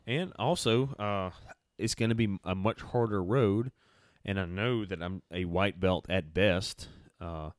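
A man's voice: deep voice, a little slow, no echo, studio quality. A young man talking bluntly and emphatically in a casual chat, swearing freely.

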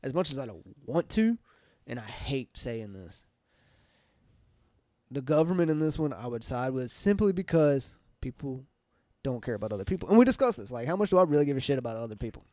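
A man with a Southern country accent, co-hosting a casual podcast chat, talking in an animated, profane and sarcastic way. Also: mid-range voice, fairly quick, no room sound, clean studio sound. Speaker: podcast co-host.

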